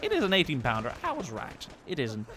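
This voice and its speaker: His voice sits on the high side, swings hugely in pitch, and moves fast. This young Swedish commentator jokes and rambles over a war game while its gunfire and artillery roar in the background.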